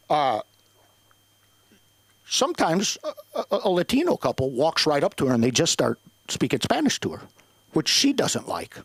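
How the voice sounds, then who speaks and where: A man's voice: on the high side, breathy edge, no room sound. A man doing a profane, self-deprecating stand-up set on a comedy club stage.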